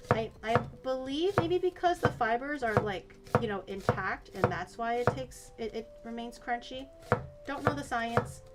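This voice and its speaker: A woman's voice: fairly high pitch, background noise. A woman streaming herself cooking in a home kitchen, chatting casually, rambling through explanations and swearing now and then.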